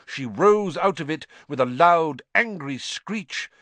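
Slow, lively male storyteller. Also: fairly high pitch, dry recording. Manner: expressive storytelling, acts out the dialogue. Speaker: audiobook narrator. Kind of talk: scripted narration.

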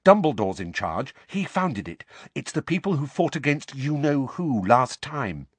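A man reading aloud, voicing an earnest teenage girl who explains things in a hurried, apologetic way. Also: medium pitch, big pitch swings, husky, no echo, pitched above the performer's own voice. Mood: hasty.

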